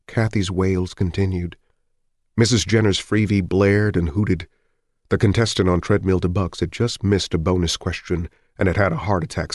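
Male audiobook narrator, very deep voice, dry close recording, measured and somber delivery. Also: darkish tone, dry recording. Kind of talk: scripted narration.

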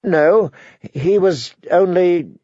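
Man playing a shy young noble girl, dutiful, hesitant halting replies, dry dull recording. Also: sits high, mellow, dry recording, voice pushed up, heavily acted.

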